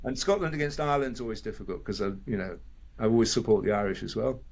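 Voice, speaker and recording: Lively older English man telling stories. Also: lowish voice, fast talker, gravelly. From England. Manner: lively storyteller, mimics voices and screams, laughs often. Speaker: actor guest. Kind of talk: casual interview chat.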